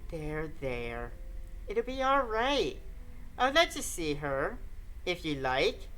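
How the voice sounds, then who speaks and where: A woman voicing a sweetly menacing little ghost girl who speaks in a soft, soothing, coaxing way. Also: mid-range voice, sing-song, slow pace, exaggerated voice. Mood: eerily soothing.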